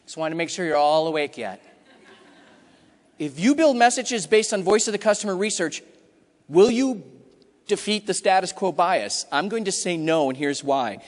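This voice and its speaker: A middle-aged man giving an energetic, emphatic conference talk, acting out what customers say in quick asides. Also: high-pitched. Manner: punchy, emphatic delivery with acted-out customer quotes. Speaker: conference keynote speaker. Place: large conference hall. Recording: hall reverb from a big room.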